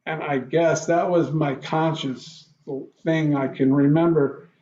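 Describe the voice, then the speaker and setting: A man telling his own story in an interview, halting often and acting out his past reactions in quoted lines. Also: a little high, fairly even intonation, mellow, echoey room, dull audio.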